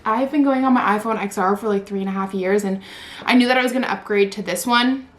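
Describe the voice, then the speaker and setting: A woman in her twenties unboxing a new phone in a vlog, gushing and squealing with excitement, saying "like" and "oh my god" constantly. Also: medium pitch, fast. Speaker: vlogger.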